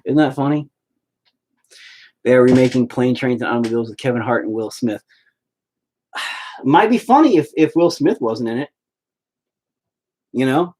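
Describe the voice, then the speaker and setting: A man's voice: mid-range voice, lively intonation, moderate pace, pauses often, a little mellow. A man hosts a casual live stream and talks straight to his viewers. He rambles from one thought to the next and swears freely. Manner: profane, rambling.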